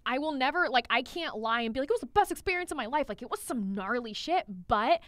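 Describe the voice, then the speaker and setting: A woman's voice: high voice, fast talker, no room sound, clean studio sound. A woman co-hosting a casual chat podcast, telling stories with lots of swearing and acting out what she said back then. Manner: animated storytelling, acts out her own past lines, swears freely. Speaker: podcast co-host and trainer.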